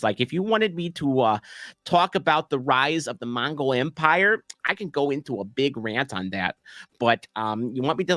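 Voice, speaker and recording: A man's voice: medium pitch, pushed and bright, no echo, clean studio sound. A man streaming a soccer watch-along, chatting casually with chat in a rambling, self-deprecating way full of fillers and restarts. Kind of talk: casual live-stream chat reading comments.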